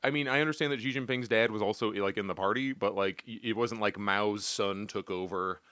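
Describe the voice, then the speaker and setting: A man's voice: fairly low pitch, fairly quick, bright, forceful tone, clear, resonant tone, dry recording, clean studio sound. A man co-hosting a political podcast, chatting casually with laughing asides and mocking put-on quotes.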